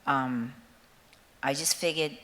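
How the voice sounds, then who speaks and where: Her low voice is steady and fairly bright as this seventy-something singer takes her time with rambling stories for a packed concert hall. Though nervous before going on, she's chatty, laughs frequently and cusses freely. Echo from the hall and a faint hiss color the audio.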